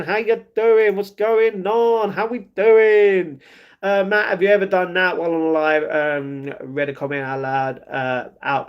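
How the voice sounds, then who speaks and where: London guy, young, high voice, easygoing livestream host reading chat. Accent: London English. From England. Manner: chatty, reads comments aloud and answers them. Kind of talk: casual live chat.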